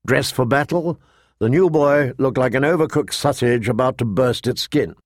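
A man narrating a fantasy novel in a measured storytelling manner, voicing the characters. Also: mid-range voice, no echo, studio quality. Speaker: audiobook narrator. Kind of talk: scripted narration.

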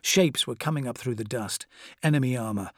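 A man reading a dramatic war story aloud as the narrator, in a measured style. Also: mid-range voice, dry recording, studio quality. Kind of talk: scripted audiobook narration.

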